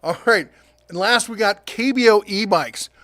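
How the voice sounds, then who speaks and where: A middle-aged man hosting a casual deals rundown, chatty and quick with asides, laughing at his own jokes. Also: sits high, sharp tone, no room sound. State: prone to coughing fits. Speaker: host of a tool and deals channel.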